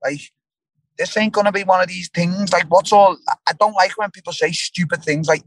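Blunt English fighter, casual and sweary. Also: male voice, high-pitched, moderate pace, no echo, rough recording. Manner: casual, blunt, swearing, lots of restarts and fillers. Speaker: fighter, guest. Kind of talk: casual interview chat.

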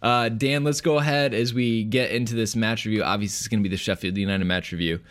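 A man's voice: fairly low pitch, fairly even intonation, fast talker, fairly bright tone, clean tone. A man hosting a casual podcast chat, leading the talk and laughing easily. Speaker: podcast host.

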